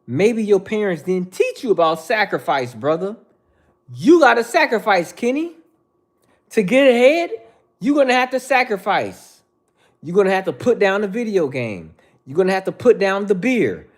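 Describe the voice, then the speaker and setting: In his thirties, this male livestream host speaks in a high, sing-song voice at a moderate pace. He bluntly lectures viewers in the chat, leaning on repetitive slang in a casual rant.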